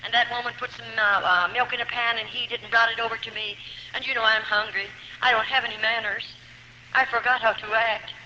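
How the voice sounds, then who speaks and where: A woman's voice: fairly high pitch, little pitch movement, fairly quick, pushed and bright, a little hiss or hum. A woman giving a heartfelt personal testimony to an audience, telling her story earnestly with hesitations along the way. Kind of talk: emotional spoken testimony to an audience. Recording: echoey hall, dull lo-fi archive recording.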